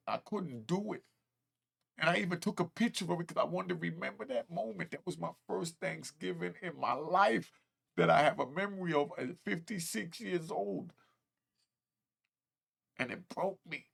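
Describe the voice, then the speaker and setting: A man in his fifties with a gravelly, husky voice that sits a little high for a man. He tells a raw, emotional personal story in casual street slang, close to tears. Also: expressive, moderate pace, a bit bright. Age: 50s. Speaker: host telling his story.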